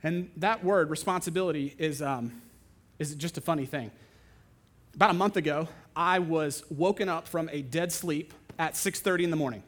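A young adult man, a pastor, preaching a sermon and telling a story with lively, animated delivery. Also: fairly high pitch, normal speed. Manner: animated storytelling, acting out other voices.

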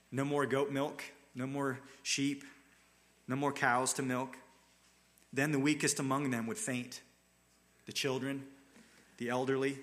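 A man's voice: medium pitch, fairly bright tone. A man preaching a sermon, telling the scripture story in an earnest, dramatic way. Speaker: pastor.

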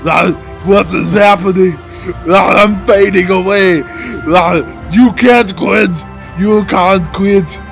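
A man, a podcast co-host, putting on a stiff action-movie cyborg voice in a comedy skit, slow and halting, full of hesitations. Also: high voice, gravelly, fairly bright tone, soft background music, full character voice. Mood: deadpan.

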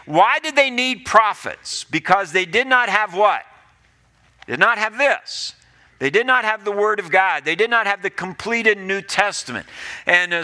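A man's voice: high-pitched, pushed and bright. A male pastor preaching a sermon in an earnest, pleading way, often repeating his phrases.

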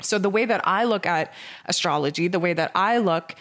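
A woman with a somewhat low voice talks through an astrology forecast. She speaks off the cuff, leans on sarcasm and self-mockery, and stacks up repeated words and phrases as she goes. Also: fairly quick, fairly bright tone. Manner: repetitive, builds lists of near-synonyms.

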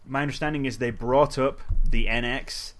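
Married guy cohosting a games podcast, laughs a lot, swears, bright voice. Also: mid-range voice, fairly even intonation, normal speed. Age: adult, married. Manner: laughs often, swears casually, rambling. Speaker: podcast co-host. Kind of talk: casual chat.

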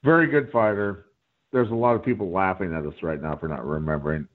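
A man's voice: low-pitched, fast. Profane man on a tinny phone line. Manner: profane, animated, rambling storyteller. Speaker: guest. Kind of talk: casual storytelling chat.

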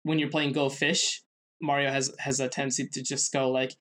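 A man's voice: mid-range voice, flat delivery, fairly bright tone, slight background noise. Hesitant man presenting a podcast segment. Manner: halting, many fillers and restarts. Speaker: podcast co-host. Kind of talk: casual chat, presenting a researched segment.

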